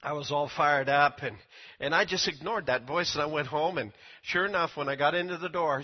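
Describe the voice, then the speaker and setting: An older male preacher with a husky, slightly high voice, speaking in a folksy, stumbling sermon style that often jumps up in pitch when he acts out quotes. The recording sounds dull and lo-fi. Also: normal speed. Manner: folksy, repeats words, rises to high excited quotes. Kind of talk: sermon with personal testimony.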